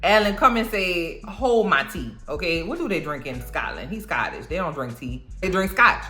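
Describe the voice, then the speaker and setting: Reaction-vlog host, woman, emphatic and animated, bright voice, faint music underneath. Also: deep voice, normal speed. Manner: animated, emphatic ranting with slang. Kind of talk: casual reaction commentary.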